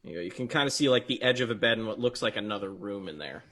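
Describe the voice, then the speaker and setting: A man's voice: on the low side, animated, rapid-fire, pushed and bright. Rambling male dungeon master. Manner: loose, rambling narration with many fillers. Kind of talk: narrating a tabletop game.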